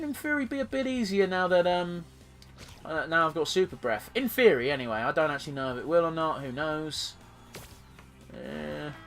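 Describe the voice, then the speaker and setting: Male let's-play host, slightly high voice, loose and sweary, faint music underneath. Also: fairly bright tone. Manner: sweary, rambling, jokey. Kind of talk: gameplay commentary.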